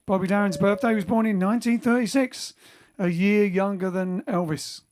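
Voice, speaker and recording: A man's voice: high-pitched, a little fast, darkish tone. A man hosting a band's livestream, chatting casually and rambling between songs from home. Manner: rambling, chatty, self-correcting. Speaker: bandleader and singer hosting a livestream. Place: home during lockdown.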